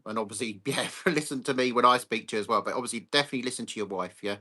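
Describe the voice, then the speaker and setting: A man's voice: medium pitch, rapid-fire, few pauses, sharp tone. A man hosting a casual live stream from his phone, greeting viewers by name and chatting bluntly. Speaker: livestream host.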